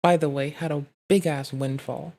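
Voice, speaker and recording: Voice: mid-range voice, fairly even intonation, moderate pace, a little mellow. A co-host chatting casually on a stream, blunt and interjecting, swearing freely. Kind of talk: casual chat.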